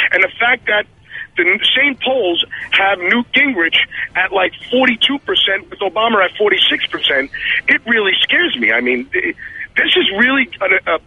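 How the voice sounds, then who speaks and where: A man calling into a radio show while pacing at a gas station, talking in heated, rambling bursts full of halting restarts. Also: high voice, slightly rough, dry recording, muffled recording. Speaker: radio segment contributor. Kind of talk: casual talk-radio commentary.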